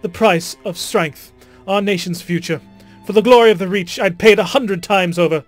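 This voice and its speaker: A scheming, gloating villainess, put on by a man with a British accent, cool and taunting from her prison cell in a video game. Her lines come slow and mocking, each word weighed. Faint music plays underneath. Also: high voice, pitched above the performer's own voice, lightly acted. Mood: defiant. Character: scheming imprisoned noblewoman villain, gloating and cruel. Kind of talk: dramatic reading of game dialogue.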